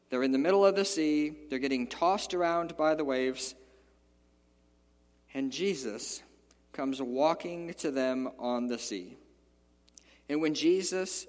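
A man preaching a sermon as a pastor, animated and playful, acting out the quoted lines with big jumps in his voice. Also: mid-range voice, in a large hall.

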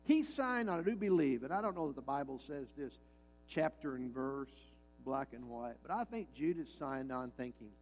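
A man's voice: mid-range voice, lively intonation, moderate pace, a little mellow, soft background music, low-quality recording. A male pastor preaching a sermon, emphatic and repeating his key lines, with frequent rhetorical questions to the congregation.

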